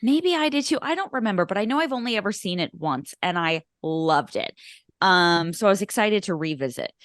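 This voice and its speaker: A woman's voice: mid-range voice, expressive, fairly quick, fairly bright tone, no room sound, studio quality. Rambling self-mocking woman podcast host. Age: 30s. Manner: rambling, self-deprecating, lots of fillers. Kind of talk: casual chat.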